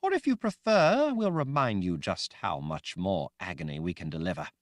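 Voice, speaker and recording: A man's voice: low voice, sing-song, moderate pace, no room sound, clean studio sound. A man voicing a cruel sorceress woman, possessed by a tyrant, speaking in a cold, menacing way. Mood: threatening.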